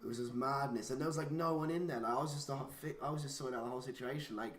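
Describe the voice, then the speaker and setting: Racing along in a medium-pitched, slightly bright voice, this young podcast co-host swears his way through a casual story, dropping "like" again and again. The recording has an echoey room sound.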